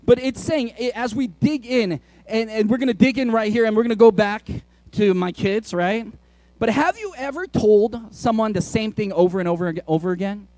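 A man in his thirties preaches to his congregation, animated and chatty, tossing in playful asides. His voice sits high for a man. The sound is dry and close, with no room around it. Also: moderate pace, dry recording. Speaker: pastor. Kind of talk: sermon.

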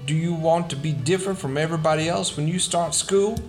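A man's voice: on the high side, a little fast, darkish tone, faint music behind, voice pushed up, close to an everyday voice. A proud, pushy older brother from a storybook, urging in a slightly lifted, insistent voice, as a man reading aloud plays him. He sounds impatient and sure of himself.

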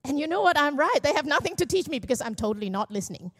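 A middle-aged woman pastor with a somewhat high voice shares a personal testimony from the church stage. She speaks candidly and pokes fun at herself, slipping jokes into a heartfelt sermon. Her tone stays conversational and unpolished. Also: big pitch swings, very fast, a bit bright. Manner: candid, self-deprecating and joking. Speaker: young adults pastor.

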